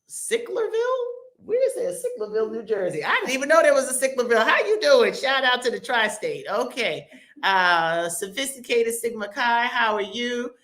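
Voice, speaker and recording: Upbeat woman host, bright tone, chatty shout-outs from viewer comments. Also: on the high side. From American South. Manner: upbeat, chatty, reads viewer comments aloud with quick asides. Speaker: livestream host. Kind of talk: lively livestream shout-outs.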